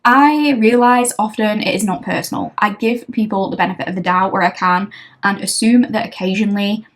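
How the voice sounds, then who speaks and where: A woman's voice: mid-range voice, a little fast. A young woman, a tarot reader casually telling a story to camera, chatty and wry, often laughing.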